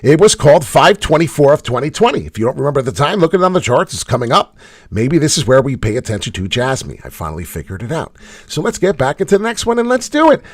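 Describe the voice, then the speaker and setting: A man hosting a casual livestream, commenting on charts in a blunt, swearing way, with loud bursts of hype and low mutters. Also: big pitch swings, fast, dry recording, clean studio sound. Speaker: crypto chart host.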